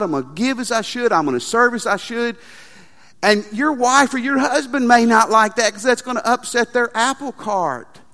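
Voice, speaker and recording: A pastor preaches with a high, bright voice, animated and emphatic, doubling back on his own phrases. His sermon rings through a church sanctuary with a long reverb. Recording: long reverb of a large hall.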